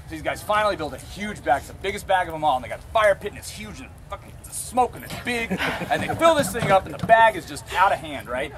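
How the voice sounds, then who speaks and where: A man's voice: sits high, lively intonation, fast talker, fairly bright tone, a little hiss or hum. Profane, joking man telling tall tales. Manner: profane, rambling, playful. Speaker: balloon pilot leading a ceremony. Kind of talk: joking outdoor storytelling to a group. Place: outdoors among a gathered crowd. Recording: outdoor crowd chatter behind.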